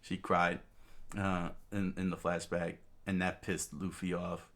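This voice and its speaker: A man with a deep, low voice reads a comic aloud at an unhurried, slow pace. He stumbles often, filling gaps with hesitations and correcting himself mid-sentence. It is a relaxed, casual read-through. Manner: hesitant, with many fillers and self-corrections. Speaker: reader.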